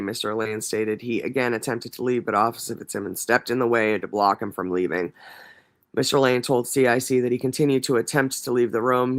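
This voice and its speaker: A man's voice: mid-range voice, fairly bright tone. A man co-hosting a livestream, reading trial testimony aloud and breaking in with mocking, profane asides. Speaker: livestream co-host.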